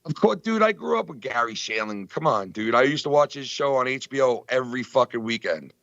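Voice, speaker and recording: A man chatting casually on a podcast, telling stories in an excitable, profane way with lots of fillers. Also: mid-range voice, fairly quick, gravelly, no room sound, dull audio. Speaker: podcast co-host. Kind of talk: casual chat.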